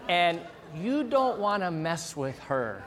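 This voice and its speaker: A middle-aged male pastor delivering a sermon, animated and humorous, acting out scenes as he tells the story. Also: high-pitched, slow pace, long reverb tail, some chatter behind.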